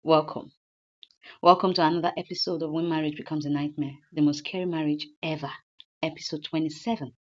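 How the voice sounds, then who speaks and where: A woman's voice: deep voice, fairly even intonation, brisk. A woman retelling a drama story in a loose, chatty narration, often repeating her lines. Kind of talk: casual story recap. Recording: dull lo-fi recording.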